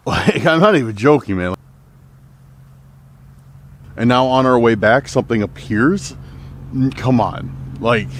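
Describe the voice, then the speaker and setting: Lowish-voiced rambling man vlogging outdoors. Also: a little mellow, no room sound. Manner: rambling, filler-heavy, uneasy. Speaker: outdoor vlogger exploring trails. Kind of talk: casual vlogging to camera. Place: outdoors on a forest trail at night.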